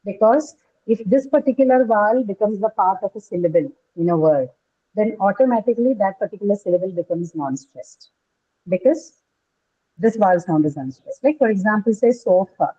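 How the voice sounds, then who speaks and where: Woman, English teacher, classroom lesson, keeps asking "right?", relaxed dark tone, muffled lo-fi sound. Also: medium pitch, moderate pace, breathy edge. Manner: tags statements with "right?", questions students. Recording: dull lo-fi recording.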